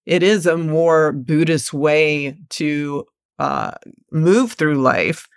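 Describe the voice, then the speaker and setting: A woman hosting a podcast, talking in a relaxed, conversational way and thinking aloud through examples as she steers the topic. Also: sits low, extremely slow, clean tone, no room sound, studio quality.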